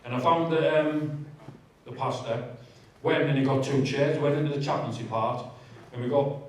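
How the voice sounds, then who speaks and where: A man's voice: mid-range voice, steady tone, moderate pace, slight background noise. A man giving a candid, conversational personal testimony with humour in a large church hall. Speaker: guest speaker giving testimony. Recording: very echoey hall, distant mic.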